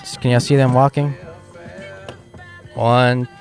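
A man's voice: mid-range voice, little pitch movement, slow, darkish tone, faint music behind. A man hosting a casual live podcast outdoors in a venue line, joking and chatting into a handheld mic. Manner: joking, chatty running commentary. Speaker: podcast host.

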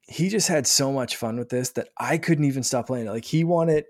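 A man in his thirties chatting casually as a podcast host, talking with excitement and often restarting his sentences. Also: medium pitch, normal speed. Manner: rambling, excited, many restarts. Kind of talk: casual chat.

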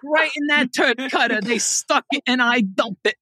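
A man putting on a crude, boastful Boston guy with a Boston accent, shouting and exaggerating. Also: very high-pitched, normal speed, no room sound, clean studio sound, voice pushed up, full character voice. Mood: crude bragging.

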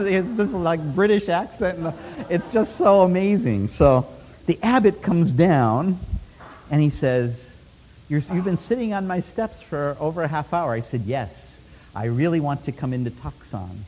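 A man preaching a sermon as a lively story, laughing often and swinging from loud bursts to hushed asides. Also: on the high side, moderate pace, slight background noise. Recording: long hall reverb.

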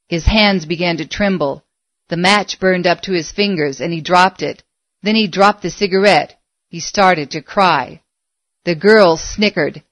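Low-voiced woman narrating a story. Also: dry recording. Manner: measured, expressive storytelling. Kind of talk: audiobook narration.

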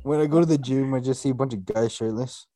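A man's voice: medium pitch, fast, dark tone, dry recording, studio quality. A young man on a casual podcast. He is laid-back and laughs a lot between short remarks. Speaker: podcast co-host. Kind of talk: casual chat.

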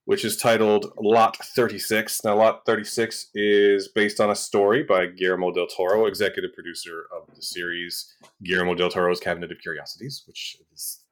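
Podcast co-host, male, lower voice, measured, a little hesitant, summarizing episodes. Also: little pitch movement. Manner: measured, hesitant with fillers, explaining. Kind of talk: casual review chat.

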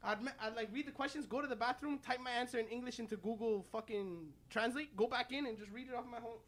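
A man's voice: extremely high pitch, quick pace, a bit bright. A young man from the Montreal area, talking loosely and profanely as a podcast guest. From Montreal area, Quebec. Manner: loose, profane, emphatic slang. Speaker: guest musician. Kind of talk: casual podcast conversation.

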